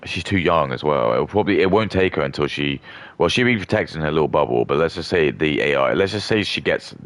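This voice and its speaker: A man's voice: a bass voice, animated, a little fast, a bit bright, dry recording. A young man rambling through a contemptuous rant as a streamer. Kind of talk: ranting casual monologue.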